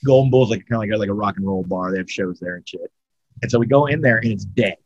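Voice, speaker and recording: A man's voice: fairly low pitch, fast talker, husky, dry recording, highs cut off. A man telling a long story in casual, profane chat, full of fillers and restarts. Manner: rambling and profane, with lots of fillers. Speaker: storyteller among friends.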